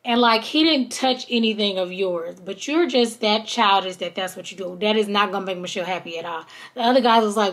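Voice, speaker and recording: A woman's voice: mid-range voice, brisk. A woman hosting a podcast, telling a reality-show episode in casual chat and quoting the cast as she goes. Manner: chatty, animated retelling with quoted voices. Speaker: podcast host.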